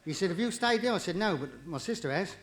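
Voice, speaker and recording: A man doing live stand-up comedy, cheeky and quick, with jokes that rise into punchlines. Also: high voice, animated, background noise. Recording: vinyl live recording, audience laughter, distant.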